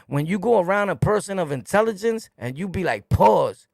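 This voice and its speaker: A man's voice: high-pitched, lively intonation, a little fast, gravelly, no room sound, studio quality. A middle-aged man with a New York accent, hosting a streetwise monologue rant in blunt, repetitive, preachy slang. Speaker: YouTube host.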